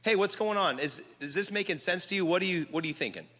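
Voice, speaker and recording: Energetic man preaching in an echoey hall. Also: high-pitched, fast. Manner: energetic, leads the crowd in call-and-response. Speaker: pastor. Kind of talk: sermon. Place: large hall with live audience.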